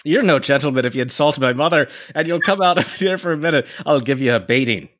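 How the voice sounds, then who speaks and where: A man's voice: medium pitch, very animated, fairly quick, no room sound, voice pushed up. A man voicing a brash, hot-tempered young Irish boy in an exaggerated put-on Irish brogue, reading aloud with friends. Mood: angry.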